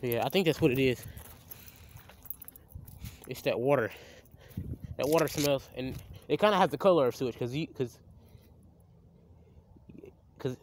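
A man's voice: mid-range voice, measured pace, pauses often, slight background noise. A young man, filming a casual outdoor vlog by a creek on a handheld phone, rambling and stammering as he restarts his sentences. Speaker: vlogger. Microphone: handheld phone camera.

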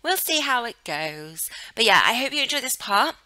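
A woman's voice: fairly high pitch, big pitch swings, moderate pace, sharp tone, dry recording, poor audio. A woman chatting casually over a life-simulation game, cooing affectionately at her characters. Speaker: gaming channel host. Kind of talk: casual gameplay commentary.

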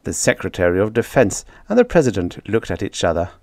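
A man narrating an old science fiction story with expressive, scripted delivery. His pitch moves a lot, and the recording is dry and close with no room sound. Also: brisk, dry recording. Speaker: audiobook narrator.

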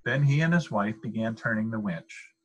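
Husky older man reading a storybook. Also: lowish voice, expressive, moderate pace, dull audio. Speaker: grandfather reading aloud. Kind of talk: reading a picture book aloud.

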